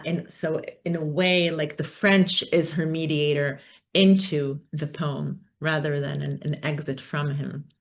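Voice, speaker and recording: A woman giving an academic talk, thoughtful and hesitant, with many fillers. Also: low voice. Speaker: academic speaker. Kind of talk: conference talk.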